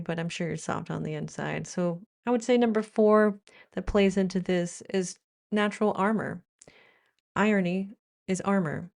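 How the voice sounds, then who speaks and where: A mid-range, slightly mellow voice belongs to an American woman doing chatty commentary for her vlog. She keeps it playful and wry, occasionally putting on mock-British quotes.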